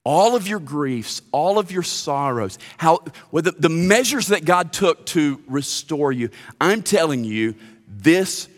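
Animated male preacher in a big hall. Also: fairly high pitch, slow. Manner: animated preaching with stammered restarts. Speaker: pastor. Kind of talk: sermon. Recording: long reverb of a large hall.

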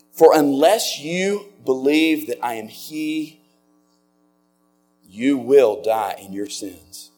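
A man preaching a sermon as a pastor, earnest and slowing down on key words. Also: mid-range voice, a little mellow.

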